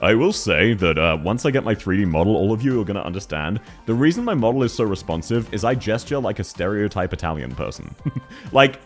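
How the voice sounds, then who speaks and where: A man chatting casually on a livestream, excitable and quick to laugh, talking fast and loud when worked up. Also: on the low side, soft background music. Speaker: streamer.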